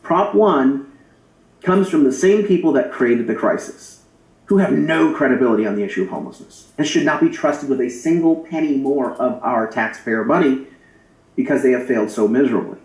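A man's voice: mid-range voice, lively intonation, normal speed, darkish tone. A man delivering an emphatic, argumentative campaign address to voters, repeating key phrases for effect. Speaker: political campaigner. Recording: roomy echo.

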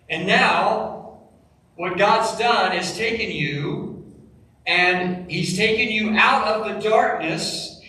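Pastor guy preaching slow, high bright voice, big echoey church hall, mic kinda far off. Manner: emphatic preaching, dropping low and quiet on key phrases. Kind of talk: sermon. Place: church sanctuary.

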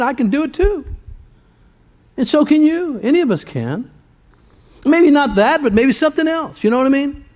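A man's voice: very high-pitched, a little mellow. A male pastor preaching a sermon in church, folksy and conversational, full of rhetorical questions and stories.

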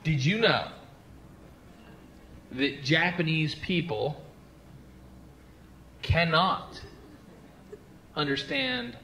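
A man performing a stand-up comedy routine on stage, telling stories loudly and with lots of energy. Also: fairly high pitch, extremely slow, long pauses. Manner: loud, animated storytelling. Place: comedy stage before a live audience. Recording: live stand-up with loud crowd noise.

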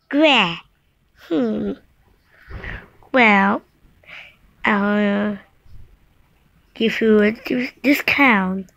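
Very slow, playful woman telling a story. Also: mid-range voice, a bit bright, no room sound. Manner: playful, switching between characters, many meows and repeated words. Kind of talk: improvised toy play storytelling.

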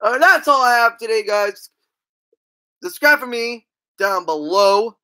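Brief: rambling comic storyteller, woman, bright edgy tone, stumbles and restarts, crude. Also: fairly high pitch, expressive, measured pace. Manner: crude, brash asides. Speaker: comedian. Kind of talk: stand-up style comedy bits.

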